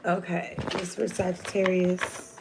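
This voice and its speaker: A woman's voice: lowish voice, little pitch movement, unhurried, creaky. A woman giving a casual, rambling tarot reading to her viewers, chatty and slangy. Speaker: tarot reader. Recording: noisy home recording.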